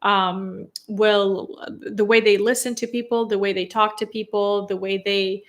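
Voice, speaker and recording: A woman's voice: medium pitch, level tone, unhurried. Woman, young adult, non-native English speaker, casual livestream Q&A, chatty, laughs often. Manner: chatty, laughs often, answers viewers directly. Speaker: content creator answering live chat questions.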